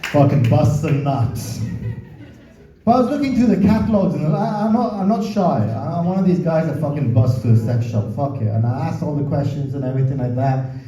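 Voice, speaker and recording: A man with a slightly high voice, dark in tone, talks fairly quickly with lively intonation during a foul-mouthed stand-up routine, casually working the crowd from a comedy club stage. The audio is distant, roomy and dull.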